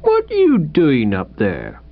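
A man plays a blunt police constable, firing curt, suspicious questions in a gruff, lively voice. The sound is dull and lo-fi. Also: a little high, slow pace, faint music behind, heavily acted. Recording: dull lo-fi recording.

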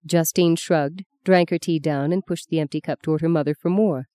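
A woman narrates a novel in a calm, measured way. Her voice is low and mellow, without brightness. The recording is dry, with no room sound. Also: no echo. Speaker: audiobook narrator. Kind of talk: scripted narration.

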